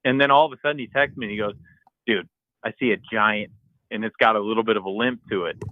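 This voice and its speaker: A man and podcast co-host telling a hunting story in a casual, animated way, acting out his own shouts and the texts he got. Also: on the low side, fast talker, no room sound, phone-quality sound.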